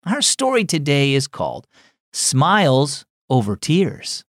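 A man's voice: a little high, huge pitch swings, slow, no room sound, studio quality. A man narrating a scripted children's devotional story and speaking directly to young listeners. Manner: warm teaching tone for children.

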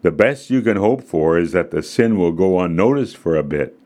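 A patient father explains a lesson in a low, even voice, firm but unhurried, as a man reads him. It belongs to a children's storybook reading. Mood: teaching. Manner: calm, instructive. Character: patient, firm father teaching his son.

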